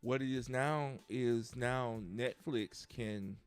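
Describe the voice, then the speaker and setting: A man co-hosting a podcast, reading entertainment headlines in a casual, halting way with many fillers. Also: medium pitch, steady tone, smooth, faint music behind. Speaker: podcast co-host. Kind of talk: casual news chat.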